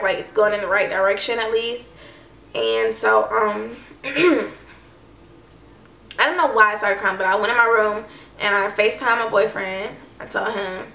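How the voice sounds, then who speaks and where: Speaking to camera in an echoey room, this young woman vlogger shares a personal story in a loose, chatty way packed with "like" and "I don't know." Her medium-pitched voice sounds pushed and bright. She's a bit off-mic on a distant mic, with some faint hiss or hum.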